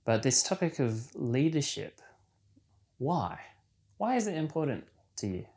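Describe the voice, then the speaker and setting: A man's voice: medium pitch, big pitch swings, a little slow, a little mellow. A man hosting a podcast, asking questions and giving short, encouraging prompts. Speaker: podcast host. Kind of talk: interview questions.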